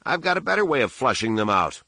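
Man playing a brisk security chief. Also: mid-range voice, big pitch swings, gravelly, bright, forceful tone, dry recording, pitched above the performer's own voice, full character voice.

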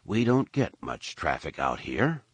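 A man voicing a calm, wry old man who talks in a controlled, quiet way and chuckles. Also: sits low, unhurried, husky, no echo, heavily acted. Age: older. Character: calm, wry older man leaning on a staff. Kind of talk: audiobook character reading.

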